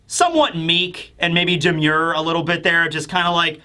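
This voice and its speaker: A man hosting a casual manga chapter review, rambling with lots of fillers and dropping into quick voices for the characters. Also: a little high, steady tone, sharp tone.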